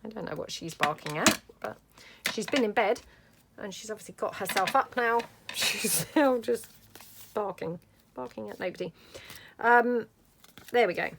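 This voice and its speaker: A woman's voice: mid-range voice, animated, normal speed, gravelly, noisy background. A middle-aged woman chatting casually through a crafting tutorial, thinking aloud as she works. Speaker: craft vlogger.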